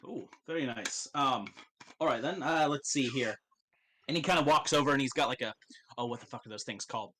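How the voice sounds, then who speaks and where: A man narrating as game master, loose, profane and quick to laugh. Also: mid-range voice, pushed and bright.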